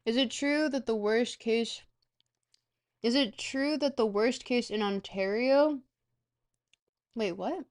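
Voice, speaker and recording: Unhurried higher-voiced young woman streamer. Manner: rambling, reads out and answers viewer questions. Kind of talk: casual chat with a live stream audience.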